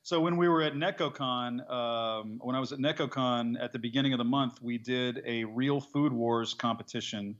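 A male voice actor chatting casually as an interview guest, animated and quick to laugh, trying out accents as he talks. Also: medium pitch, muffled recording.

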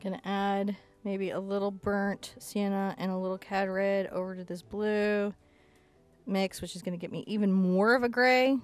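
A chatty, playful woman at a medium pitch talks viewers through an acrylic painting lesson step by step. She jokes, mutters to herself, and makes little sound effects as she paints in an indoor studio. Faint music plays behind her. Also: steady tone, normal speed.

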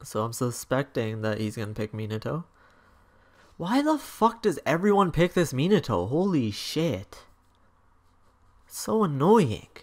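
A man's voice: medium pitch, very animated, a little slow, long pauses. Young man raging wildly over a game. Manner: angry swearing, shouting outbursts at opponent. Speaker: gaming YouTuber. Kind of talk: live gameplay commentary.

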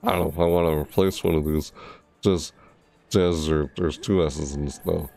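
A man's voice: rumbling low, steady tone, normal speed, vocal fry, dark tone, soft background music. A tired man streaming a video game, mumbling and rambling to himself in casual commentary. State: tired, yawning.

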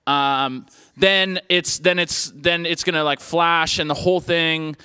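A man's voice: on the high side, fairly even intonation, unhurried, bright, forceful tone, clear, resonant tone, no room sound. A man hosting a live spoken-word show on a stage mic. He talks in a jokey, rambling, playful way. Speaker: host.

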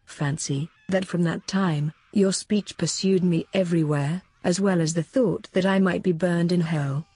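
Earnest old soldier, husky and mellow, read by a woman. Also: on the low side, steady tone, measured pace, hardly any pauses, dry recording. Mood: grateful. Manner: earnest, emotional telling. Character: grateful old male soldier, former captain.

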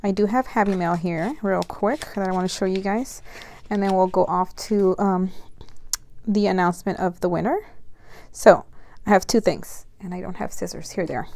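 A young adult woman vlogger chatting casually as she unboxes mail, gushing and excitable with frequent gasps. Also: mid-range voice, a little hiss or hum.

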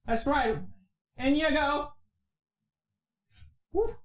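High, lively-voiced clowning man. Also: very slow. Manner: exaggerated, mock-dramatic, clowning. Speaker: YouTuber. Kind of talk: goofy comedy sketches.

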